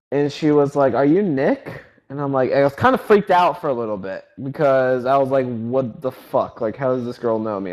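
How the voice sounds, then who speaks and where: A young man in his twenties, a website founder and podcast host, telling stories in a casual, excited, rambling way full of filler words. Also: medium pitch, poor audio. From North Carolina, US. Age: 20s. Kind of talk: casual storytelling chat.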